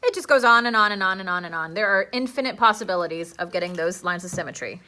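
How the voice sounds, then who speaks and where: Bright-voiced playful woman teaching a class. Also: mid-range voice, expressive, fast talker, a little hiss or hum. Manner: chatty, playful, asks the class questions. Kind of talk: live classroom lesson.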